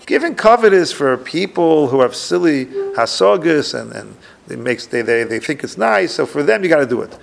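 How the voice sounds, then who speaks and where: Gravelly, animated male religious teacher. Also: fairly high pitch, normal speed, slight background noise. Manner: reads Hebrew lines and translates each; thinks aloud with restarts. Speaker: rabbi teaching a class. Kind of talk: religious lecture with text reading.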